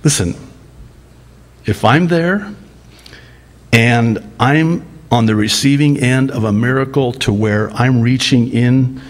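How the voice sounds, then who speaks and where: Slow, deliberate male pastor preaching. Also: medium pitch. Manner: slow, deliberate preaching with dramatic voice rises on quoted lines. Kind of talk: sermon.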